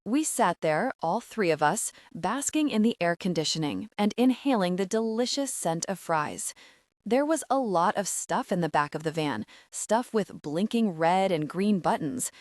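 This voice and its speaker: A woman's voice: mid-range voice, lively intonation, moderate pace, no echo, clean studio sound. A woman narrating a first-person audiobook in a wry, conversational storytelling manner.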